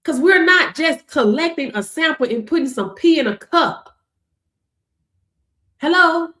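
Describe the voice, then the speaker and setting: A woman's voice: sits high, expressive, measured pace, bright, forceful tone, echoey room. A woman coaching her audience in a sassy, emphatic, casual way, laughing often and calling listeners baby. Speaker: business coach. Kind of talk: casual motivational talk to camera.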